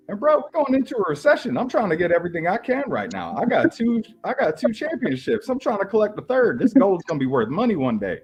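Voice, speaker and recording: A man, a wrestler, trash-talking on a podcast in a boastful, slangy, swaggering way. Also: medium pitch.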